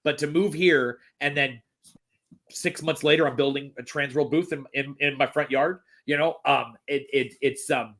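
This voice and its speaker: A man's voice: mid-range voice, steady tone, normal speed, a bit bright. A man chatting casually as a podcast guest, rambling with many restarts and fillers. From Texas. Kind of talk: casual chat.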